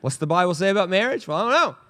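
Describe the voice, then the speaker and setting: In a church sanctuary, a male pastor delivers a humorous sermon, telling stories animatedly with playful comic voices. He speaks in a high-pitched voice at a racing speed.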